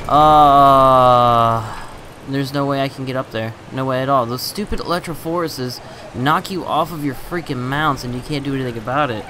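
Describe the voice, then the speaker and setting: A man's voice: medium pitch, measured pace, sharp tone, a little hiss or hum, poor audio. Chatty man narrating his game. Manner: chatty, exasperated, laughs at own bad luck. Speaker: gaming channel host. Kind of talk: casual gameplay commentary.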